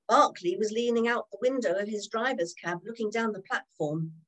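A woman narrating a children's storybook in an expressive, animated way. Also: mid-range voice, moderate pace, low-quality recording.

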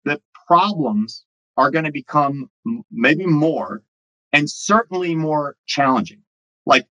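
A man's voice: a little high, animated, slow pace, pushed and bright, no room sound, voice pushed up, heavily acted, low-quality recording. Guy quoting his blunt cheery investor buddy, voice pushed up a bit, dry mic. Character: blunt, upbeat male business investor.

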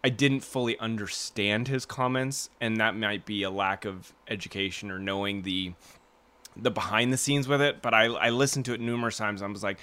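A man's voice: lowish voice, steady tone, fairly quick, sharp tone, clear, resonant tone. A man co-hosting a podcast, chatting casually with restarts and frequent laughter. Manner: laughing, self-deprecating, rambling with restarts. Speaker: podcast co-host.

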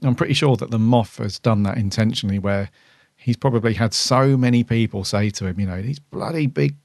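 Low gravelly man chatting. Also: fairly quick, darkish tone, no echo, studio quality. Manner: chatty, opinionated, lots of "you know". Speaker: podcast co-host. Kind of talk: casual chat.

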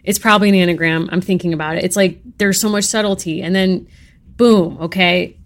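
A woman's voice: fairly low pitch, steady tone, brisk. Wry, dramatic woman podcast co-host. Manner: wry, dramatic, exasperated humor. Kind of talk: casual podcast chat, reading a book aloud.

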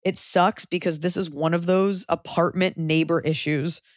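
A woman hosting a podcast, chatting casually with frank, profane, animated storytelling. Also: on the low side, normal speed, no room sound, studio quality. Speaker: podcast host.

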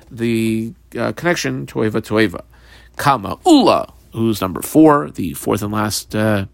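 A man leads a Talmud class, reading out Aramaic lines and then explaining them in English, pausing often with fillers. His voice sits at an ordinary middle pitch and sounds close and dry, with no room around it. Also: creaky, a bit bright, dry recording. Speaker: Talmud teacher.

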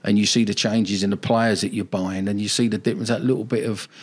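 A man's voice: on the low side, fairly even intonation, quick pace, breathy edge. An older man, a football manager telling rambling, nostalgic stories in a casual interview.

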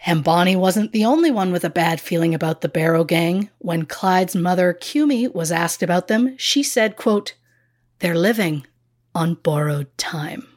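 A woman's voice: on the low side, unhurried. Chatty self-deprecating woman podcaster. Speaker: podcast co-host. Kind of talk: casual true crime narration.

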